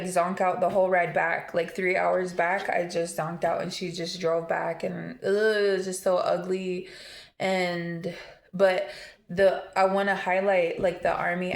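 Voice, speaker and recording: A woman's voice: fairly low pitch, level tone, unhurried, gravelly, roomy sound. A woman telling a personal story on a casual vlog, emotional and rambling, with lots of fillers and restarts. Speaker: vlogger.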